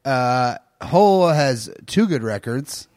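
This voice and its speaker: A man co-hosting a crude comedy podcast, loud and joking, breaking into mock-shouted bits. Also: medium pitch, expressive, slow, no echo, studio quality. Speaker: co-host.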